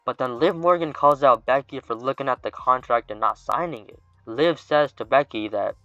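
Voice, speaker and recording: A man narrating casually in a bright, crisp voice and tossing in offhand asides. The recording is dull and lo-fi, with a dry, close sound. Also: mid-range voice, moderate pace, hardly any pauses, no room sound, faint music behind. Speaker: fantasy booking narrator.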